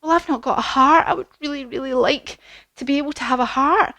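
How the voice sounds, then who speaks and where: A woman's voice: sits high, brisk, bright, forceful tone, no room sound, pitched above the performer's own voice. A woman voicing a timid, wistful male tin man in a children's storybook retelling. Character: timid metal Tin Man longing for a heart.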